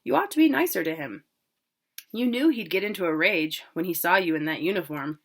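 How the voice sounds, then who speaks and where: A woman's voice: on the low side, animated, a little fast. A woman voicing a stubborn young farm boy who scolds and nags his older brother. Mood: nagging.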